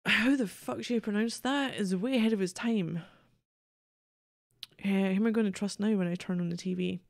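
A woman's voice: medium pitch, moderate pace, creaky, no room sound, clean studio sound. A woman streaming a game, reading its texts aloud and cracking sardonic, profane jokes in casual commentary.

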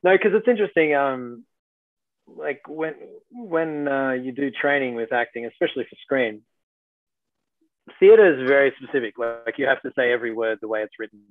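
Over thin, phone-like video-call audio that stays dry with no room sound, a man speaks at medium pitch and a moderate pace. He's an Australian actor being interviewed casually as a guest, wandering through his answers with fillers and false starts.

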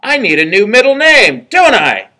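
A boastful storybook wolf, put on by a man reading aloud, speaks in a high, bright and lively voice. He is loud and theatrical, swinging up and down as he spins his tall tale. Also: normal speed, heavily acted. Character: boastful big bad male wolf telling tall tales.

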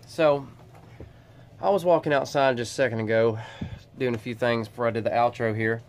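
A man's voice: mid-range voice, brisk. A man, chatting and joking casually on his vlog. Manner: animated, joking, drawling. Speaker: vlogger.

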